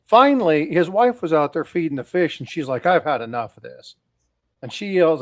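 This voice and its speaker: Animated joke-telling man, dry sound. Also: fairly high pitch, normal speed, no room sound. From lived in Utah. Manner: animated storyteller doing voices for characters. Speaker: co-host telling jokes. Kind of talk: casual joke-telling on a live stream.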